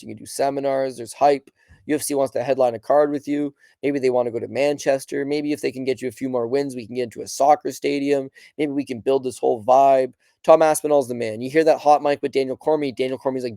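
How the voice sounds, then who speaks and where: A man's voice: mid-range voice, a little fast, creaky, dark tone, dry recording, studio quality. A man hosting a sports podcast, talking in a passionate, rambling way and acting out quotes of fighters and fans. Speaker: podcast host. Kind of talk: casual sports commentary.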